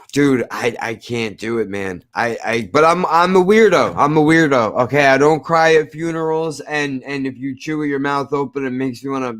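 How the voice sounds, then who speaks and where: A man's voice: mid-range voice, normal speed, a bit bright. A man from New Jersey hosting a podcast, ranting emphatically in casual chat, repeating himself and swearing. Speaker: podcast host.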